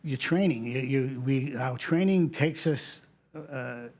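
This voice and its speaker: A man's voice: mid-range voice, slow pace. A man, a retired fire captain telling stories in a casual interview, acting out what people said and laughing often. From New York. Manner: animated storyteller, acts out quoted lines, laughs often.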